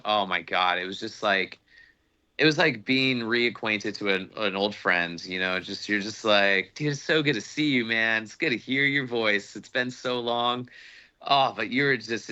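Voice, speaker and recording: A young man chatting casually as a podcast guest, excitable and rambling, swearing often as he gushes like a fan. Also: lowish voice, clean tone. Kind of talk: casual chat. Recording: dull lo-fi sound.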